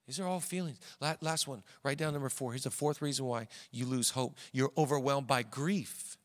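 A man's voice: medium pitch, moderate pace, big-room sound. A man pastor preaching a sermon with an emphatic, repetitive cadence.

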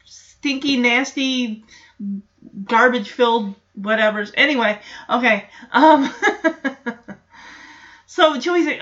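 High bright-voiced woman ranting casually about a tv episode, exasperated, goes off on tangents. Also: slow pace, long pauses, highs cut off. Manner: chatty, exasperated, wanders into personal tangents. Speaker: show recap host. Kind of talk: casual TV episode reaction commentary.

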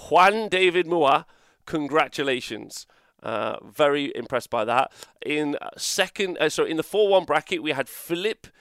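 A man's voice: medium pitch, a bit bright, clear, resonant tone, dry recording, clean studio sound. A man hosting a casual rundown of tabletop game results, chatty and rambling with lots of fillers. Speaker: host.

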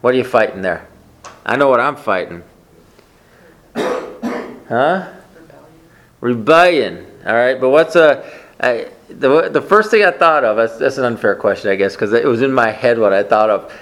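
A man's voice: medium pitch, expressive, normal speed, pauses often, a bit bright. A man preaching a conversational sermon, often asking the congregation questions. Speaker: pastor.

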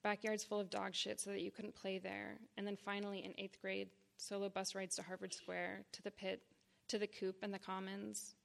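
A woman in her thirties from the Boston area, a writer giving a live reading of her own memoir to an audience, in deliberate, measured short phrases and with blunt frankness. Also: mid-range voice, completely flat delivery, creaky, a bit bright. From Boston area, United States. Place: reading series event before an audience.

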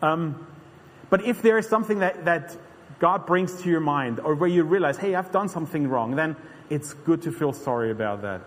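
Male preacher, earnest chatty sermon delivery with restarts; slightly high voice, reverberant hall. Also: moderate pace, fairly bright tone. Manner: earnest, conversational, frequent restarts.

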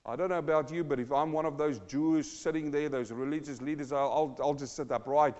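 A man preaching a verse-by-verse Bible sermon, his voice sitting a little high. He works through each passage dramatically, acting out the voices as he teaches. The recording sounds muffled and lo-fi, with a long reverb trailing through a large church hall. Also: fairly even intonation, a little fast, a little mellow. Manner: dramatic, acts out the scripture voices with rising intensity. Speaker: pastor.

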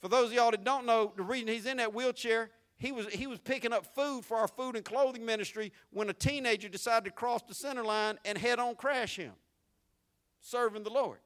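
A man preaching a sermon as pastor, swinging between loud, raised lines and hushed, low ones, folksy and conversational with the congregation. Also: fairly quick. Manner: preaching with sweeping shifts between shouted and hushed delivery.

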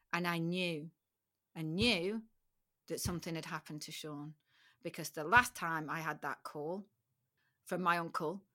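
Bright-voiced woman telling a painful story. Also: lowish voice. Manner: candid, emotional, with frequent restarts; frank, with occasional swearing. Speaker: podcast guest. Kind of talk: personal storytelling in an interview.

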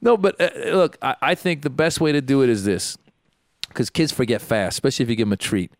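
A man's voice: medium pitch, fast, vocal fry, dry recording, studio quality. A man from Iran co-hosting a casual comedy podcast, joking, laughing often and acting out quoted lines. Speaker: podcast co-host.

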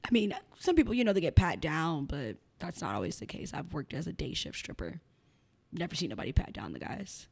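A woman's voice: low-pitched, sing-song, a little fast, gravelly, breathy edge. A young adult woman speaking as a podcast guest, talking frankly and bluntly and laughing often. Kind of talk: candid conversational interview.

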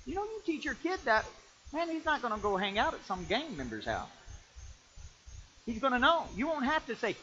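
A male pastor preaching a sermon emphatically, rising to shouts and calling for amens. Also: sits high, big pitch swings, brisk, dull audio. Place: church.

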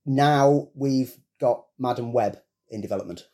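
British male podcast host, mellow tone, detailed and chatty about film news. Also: medium pitch, measured pace. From Britain. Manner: newsy, explains film projects in detail. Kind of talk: casual chat.

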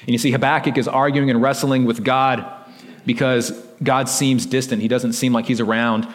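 At normal speed, a man preaches to his congregation in an easygoing manner, his points peppered with "like" and "right?". His voice sits at a typical middle pitch, and the hall adds a long reverb.

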